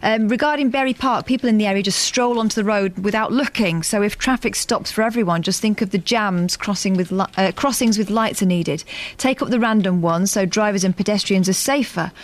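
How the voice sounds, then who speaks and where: A woman's voice: mid-range voice, a little fast. A woman chatting with the host as co-presenter on a radio show. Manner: chatty, conversational. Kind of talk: radio chat.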